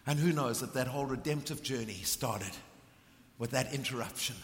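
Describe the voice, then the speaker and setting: A middle-aged man from Africa, preaching a passionate sermon that swings from ringing emphasis to hushed intensity. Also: medium pitch, normal speed. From South Africa. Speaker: visiting preacher. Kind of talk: sermon with storytelling. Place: church hall. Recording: long reverb of a large hall.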